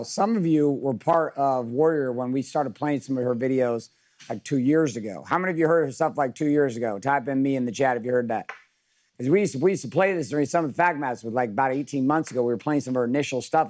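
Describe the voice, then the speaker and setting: A man's voice: medium pitch, fast talker, a little mellow. A middle-aged man coaching a live virtual workshop, talking casually, with profanity and stories.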